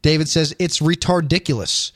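A man's voice: a little high, moderate pace, fairly bright tone. Rambling male podcast host. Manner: rambling, reads chat comments aloud. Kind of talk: casual chat.

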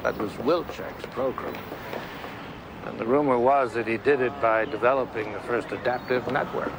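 A man playing a gravelly TV drama man. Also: medium pitch, moderate pace, close to an everyday voice. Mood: earnest. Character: male TV drama character explaining a secret computer. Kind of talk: dialogue from a played TV episode clip. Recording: TV clip with clear background noise.

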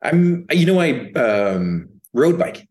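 A man who is an actor, a guest on a podcast, telling stories in a loose, profane, animated way. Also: medium pitch, takes it slowly. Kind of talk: casual interview chat.

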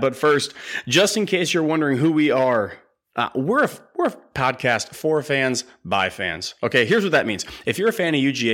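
A man's voice: mid-range voice, a bit bright. This is a man running a sports podcast on his own, rambling cheerfully in plain fan talk. He jokes along the way and keeps the tone casual and enthusiastic. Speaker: podcast host.

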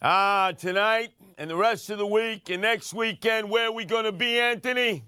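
A man's voice: sits high, normal speed, pushed and bright, smooth, no room sound, clean studio sound, soft background music. Brash New man on talk radio. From Brooklyn, New York. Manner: brash, mocking New York street talk. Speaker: radio host. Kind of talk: talk radio banter and commentary.

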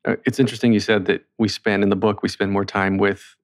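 A man's voice: on the low side, level tone, fast. A man interviewing a guest, asking questions in a conversational way with fillers and hesitations.

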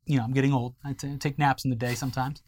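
A man's voice: medium pitch, level tone, rapid-fire, darkish tone. A man co-hosting a comedy news podcast, cracking dry jokes and telling rambling stories. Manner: dry wisecracks and rambling anecdotes. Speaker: podcast co-host. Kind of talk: casual comedic news banter.

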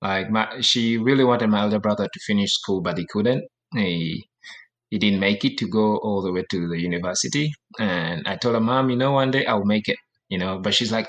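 A young man from Uganda speaks in a fairly low voice, retelling his past with lots of energy. He often slips into voices of the people in his story and laughs along the way. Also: brisk. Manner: animated, acts out dialogue, laughs often. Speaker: guest, professional soccer player. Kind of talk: casual storytelling.

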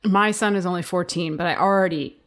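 A woman hosting a casual conversation, reflective and quick to laugh. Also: lowish voice.

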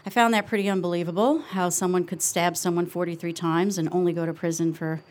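A middle-aged woman telling a personal story on stage, earnest and confessional, slowing down with reflective pauses. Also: on the low side, fairly even intonation, darkish tone. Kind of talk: live storytelling.

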